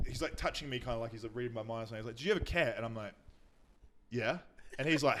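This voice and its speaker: A man's voice: mid-range voice, fast talker, pauses often, a bit bright, slight background noise. A young adult man with a New Zealand accent, a comedian guest telling rambling anecdotes on a casual podcast. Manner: rambling anecdotes with mocking quoted voices. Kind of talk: casual chat, storytelling.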